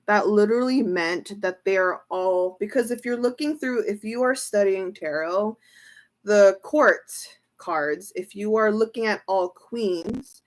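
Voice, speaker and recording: Slow-talking excitable woman tarot reader. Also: mid-range voice. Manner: excitable, exclaiming and repeating herself. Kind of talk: casual tarot reading livestream.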